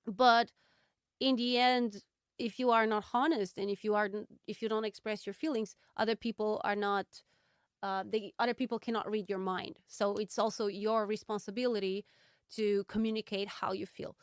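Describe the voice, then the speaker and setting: A woman hosting a solo podcast, reflecting candidly and thoughtfully, with frequent ums and pauses. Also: medium pitch, level tone, clean tone, no room sound, clean studio sound. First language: Portuguese. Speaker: podcast host.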